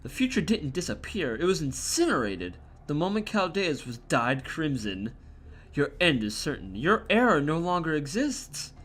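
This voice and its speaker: A cold male villain from a fantasy game, contemptuous and lecturing as he gloats, read aloud by a man. The voice is bright and sits a little high, swinging widely in pitch, with faint game music underneath. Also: sing-song, normal speed. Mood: gloating.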